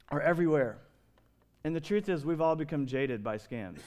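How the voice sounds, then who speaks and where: A middle-aged man and pastor, preaching a sermon with lively storytelling and big swings in pitch and loudness.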